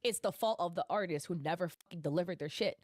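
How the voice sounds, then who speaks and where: A woman streamer talks at a brisk clip, reading posts and messages aloud to her viewers. Between quotes she adds emphatic, indignant commentary. Her voice sits close and dry on the mic with no room sound. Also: fairly low pitch, no echo.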